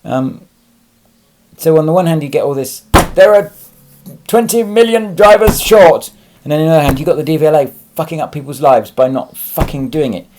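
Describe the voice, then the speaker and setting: A man's voice: fairly high pitch, fairly even intonation, fast, noisy background. A man talking casually to camera as a lorry driver vlogger, rambling with fillers and restarts and swearing freely when he gets angry. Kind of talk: casual vlog monologue.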